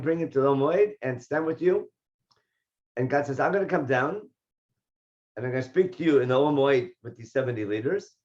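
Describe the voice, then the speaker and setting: A man teaching a Torah class, reading Hebrew verses and explaining them in English, and getting lively when he voices the figures in the text. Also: mid-range voice, muffled recording. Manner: animated when voicing the speakers in the text. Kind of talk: text study lesson.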